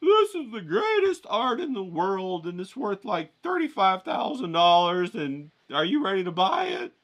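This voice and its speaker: A man voicing a pushy, smug male art salesman in a raised, drawn-out voice. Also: high-pitched, big pitch swings, a bit bright, pitched above the performer's own voice, exaggerated voice.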